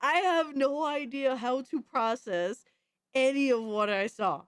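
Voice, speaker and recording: A woman streaming live, reacting to viewer videos with loud, exasperated, profane commentary and frequent shouts of disbelief. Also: high-pitched, unhurried, clear, resonant tone, no room sound. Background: music.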